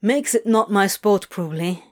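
A woman's voice: mid-range voice, moderate pace, natural voice. A woman voicing an aloof, sardonic man who talks in a curt, drawling way. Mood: dry.

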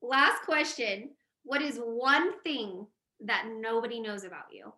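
A woman's voice: on the high side, slow, bright, forceful tone. A woman hosting a podcast interview, upbeat and effusive as she asks questions and thanks her guest. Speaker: podcast host. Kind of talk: casual interview chat. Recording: echoey room.

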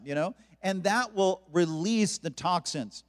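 A man preaching a sermon to his congregation, joking and animated as he talks. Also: sits high, a little slow, few pauses, long reverb tail. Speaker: pastor. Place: church sanctuary.

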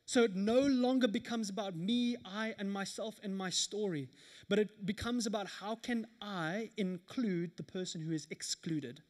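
A man in his thirties preaching a sermon at a church service, telling stories in an animated way with laughter. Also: high-pitched, moderate pace. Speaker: pastor.

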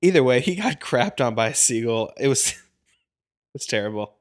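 A man at a middling pitch, co-hosting a relaxed podcast about wedding photography. He talks chattily, often jumping in to add details to his partner's stories. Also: moderate pace. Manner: chatty, chiming in and laughing along. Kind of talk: casual podcast chat.

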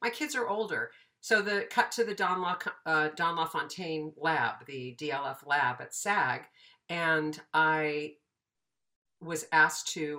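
A voiceover teacher in her fifties tells stories in a relaxed interview. Her voice is bright and sits a little low for a woman. She acts out the people in her anecdotes as she goes. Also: takes it slowly. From United States. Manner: animated, acts out quoted dialogue. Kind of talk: casual storytelling interview.

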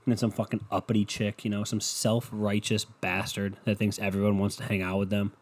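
A man's voice: lowish voice, monotone, a little fast. A young adult man hosting a podcast, talking in a loose, profane, rambling way as he tells stories. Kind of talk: casual rambling rant.

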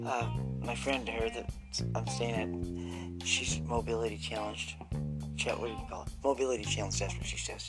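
Casting note: man of middle pitch, rambling and jumpy vlog monologue, folksy address, clear music behind him. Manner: scattered, jumpy, restarts often, folksy "y'all". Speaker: vlogger. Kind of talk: rambling casual monologue to viewers.

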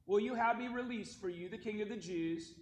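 A man's voice: high voice, brisk, pitched above the performer's own voice, lightly acted. A man reading as a stern Roman governor. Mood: stern questioning. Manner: raised, emphatic questioning. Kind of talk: liturgical scripture reading. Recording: echoey church sanctuary.

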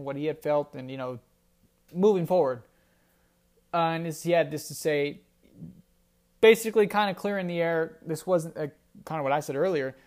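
A man hosting a solo sports podcast, talking casually and rambling with restarts. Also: on the high side. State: briefly choked up. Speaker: podcast host.

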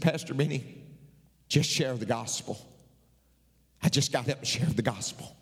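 A man's voice: mid-range voice, moderate pace, long pauses, a bit bright, slightly rough. A man in his later years, a pastor preaching a sermon with dramatic emphasis and repeated phrases. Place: church sanctuary. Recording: large reverberant hall.

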